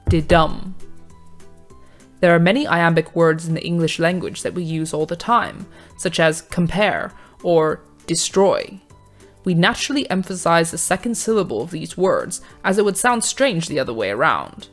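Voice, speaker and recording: A woman with a slightly low voice narrates a scripted revision lesson. She explains each step in a measured, clear way, and faint music plays underneath. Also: very animated. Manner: measured, clear teaching delivery. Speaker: revision tutor.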